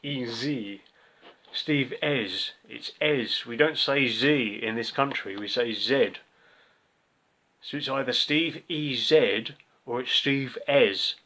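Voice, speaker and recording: A man's voice: medium pitch, slow pace, pushed and bright. A man giving a ranting monologue review of a record, angry, profane and sarcastic. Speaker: music reviewer. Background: faint music from the record being reviewed.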